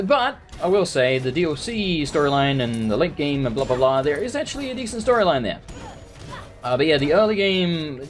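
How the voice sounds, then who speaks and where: A man rambles through casual gameplay commentary in a lively, swooping voice, swearing freely and slipping into sarcasm. His pitch sits in an ordinary middle range. Soft game music plays faintly underneath. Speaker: let's play host.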